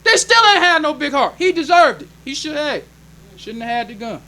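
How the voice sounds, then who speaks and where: A man's voice: very high voice, lively intonation, normal speed, sharp tone. A man preaching a sermon as minister, emphatic and plainspoken, repeating his points. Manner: plainspoken, conversational delivery.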